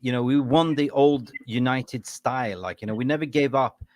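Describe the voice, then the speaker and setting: A man's voice: medium pitch, normal speed, background noise. Upbeat male call-in host. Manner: upbeat, shouts out callers. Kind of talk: live call-in show hosting.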